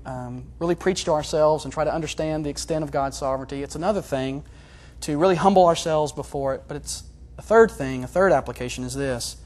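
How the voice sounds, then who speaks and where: A man preaching a sermon in an earnest, confessional way, moving between hushed and loud passages. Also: a little high. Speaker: pastor.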